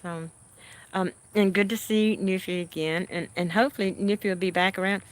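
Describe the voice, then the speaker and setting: A woman's voice: mid-range voice, steady tone. A woman hosting a livestream, chatting casually with her viewers and answering their comments in a homey way. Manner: unhurried and homey, answering chat comments with frequent soft laughs. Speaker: livestream host.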